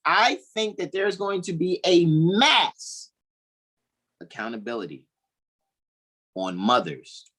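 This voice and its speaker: A man giving a casual astrology talk as co-host over a video call, animated and thinking aloud. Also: fairly high pitch, takes it slowly, pauses often, breathy edge.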